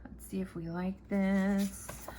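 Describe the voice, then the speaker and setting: A woman chatting casually while she sets up a planner, telling a rambling, animated story with some casual swearing. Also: mid-range voice, takes it slowly, slight background noise. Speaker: planner vlogger.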